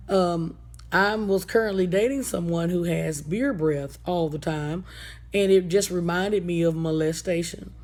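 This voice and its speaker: Blunt, sassy woman hosting a casual radio talk segment. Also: mid-range voice. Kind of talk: casual monologue.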